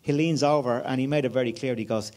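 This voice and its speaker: A man's voice: medium pitch, fairly even intonation, fast, a little mellow. An Irish man in his fifties telling a story as a guest at a conference, chatty, with many fillers and restarts. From Ireland. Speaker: guest speaker. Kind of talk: anecdotal conference chat. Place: conference room before an audience.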